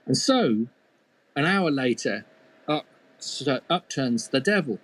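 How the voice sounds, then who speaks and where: A man's voice: mid-range voice, very animated, takes it slowly, long pauses, a bit bright. Playful male storyteller with funny asides. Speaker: storyteller and mythologist. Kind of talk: oral storytelling of a folk tale.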